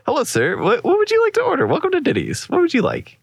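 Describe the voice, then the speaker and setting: A man's voice: very high voice, huge pitch swings, quick pace, creaky, no echo, pitched above the performer's own voice, exaggerated voice. A man voicing an overeager male restaurant server in a podcast skit, chirpy and flustered.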